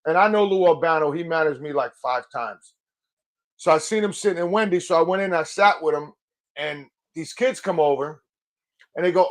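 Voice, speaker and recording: A middle-aged man hosting a casual chat, telling animated stories. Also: on the high side, moderate pace. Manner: storytelling, animated. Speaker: podcast host.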